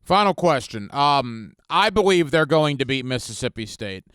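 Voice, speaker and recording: A man hosting a radio sports talk show, brisk, firing off quick questions at his guest. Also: medium pitch, lively intonation, a bit bright, clean tone, no echo.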